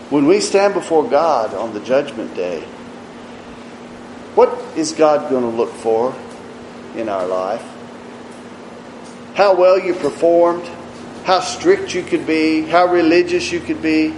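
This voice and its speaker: Slow, earnest preacher man in an echoey room. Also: fairly high pitch, animated, a little hiss or hum. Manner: slow, earnest preaching with rises and quiet drops. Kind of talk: sermon.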